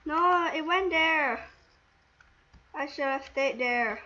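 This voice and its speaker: A woman commenting while she plays a video game, muttering to herself and breaking into panicky, excitable outbursts. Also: high-pitched, takes it slowly. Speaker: gaming video creator. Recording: dull lo-fi recording with faint noise.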